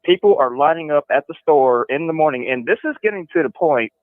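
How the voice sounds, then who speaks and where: A man calling in to a show, telling a story in a slow, drawn-out way. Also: a little high, expressive, no room sound. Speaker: caller. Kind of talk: phone call-in story. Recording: tinny dry phone line.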